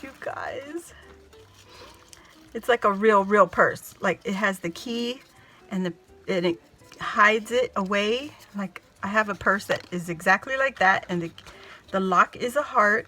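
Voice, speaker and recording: A woman's voice: medium pitch, expressive, measured pace, bright, forceful tone, faint music behind. A woman gushing as she opens a crafty gift package, exclaiming and laughing breathlessly to her viewers. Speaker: craft vlogger opening happy mail. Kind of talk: excited unboxing chat to camera.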